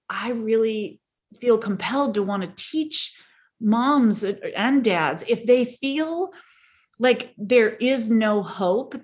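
A middle-aged woman, a parenting and team-building coach, speaking as a guest and telling stories in an earnest, animated way. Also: fairly high pitch. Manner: earnest, animated storyteller who acts out dialogue. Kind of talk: storytelling conversation.

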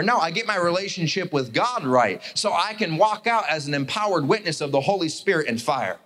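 Animated preacher man, fairly high voice. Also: fairly quick, few pauses. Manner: animated storytelling, acts out characters. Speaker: pastor. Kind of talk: sermon.

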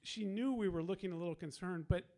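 A man's voice: high-pitched, fast, warm tone. A man telling a long personal anecdote in a casual way, laughing often and acting out the people he quotes. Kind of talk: casual storytelling.

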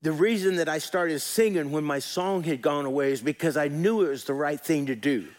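Man, pastor, animated sermon, folksy, high voice, calls to the congregation. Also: fairly quick. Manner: animated preaching, swings between soft and loud.

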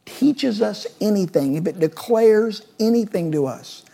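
Female preacher, sermon delivery, warm and breathy tone, emphatic repetition. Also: medium pitch. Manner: emphatic, building repetitive lists.

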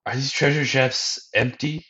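A man's voice: mid-range voice, fairly even intonation, unhurried, pushed and bright, voice pushed up. A man voicing a gloomy, self-pitying middle-aged hermit in a whiny, pleading tone. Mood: upset. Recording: dull lo-fi podcast audio.

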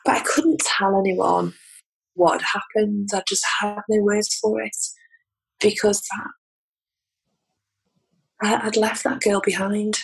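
Gravelly, husky English woman telling her story. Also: mid-range voice, flat delivery, slow pace, pauses often, rough recording. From England. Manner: candid, heartfelt, laughs between lines. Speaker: podcast guest, transformation coach. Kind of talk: personal storytelling in conversation.

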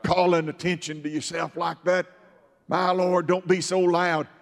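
A preacher playing a fussy, hushing disciple. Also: male voice, high voice, little pitch movement, unhurried, creaky, big-room sound. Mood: scolding. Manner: scolding hush.

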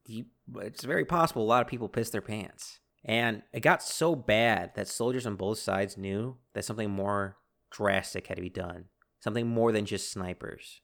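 A man hosting a casual history podcast, telling the story with animated bursts and acted-out quotes. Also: fairly low pitch, normal speed, creaky. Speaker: podcast host.

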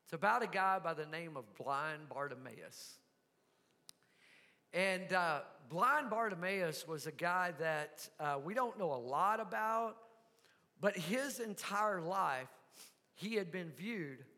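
A man preaching a sermon, telling a story with soft asides and sudden loud shouts. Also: a little high, lively intonation, takes it slowly, long reverb tail. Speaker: pastor.

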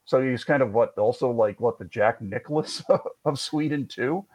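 A man's voice: medium pitch, normal speed, a little mellow, low-quality recording. A man hosting a podcast, telling sports history in a chatty, wry way with jokey asides. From Canada. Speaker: podcast host. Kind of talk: conversational history storytelling.

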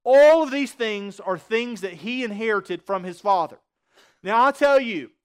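Male preacher, high voice, sermon delivery, asks the room and answers himself. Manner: asks the congregation rhetorical questions.

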